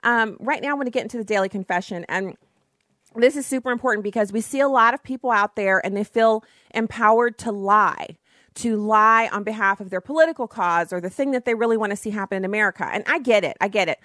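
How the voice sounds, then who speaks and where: A woman hosting a talk radio show, her voice scratchy and hoarse, chatting enthusiastically with fillers. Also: mid-range voice, fast, fairly bright tone, dry recording, clean studio sound. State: scratchy voice from yelling the day before. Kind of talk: casual talk radio monologue.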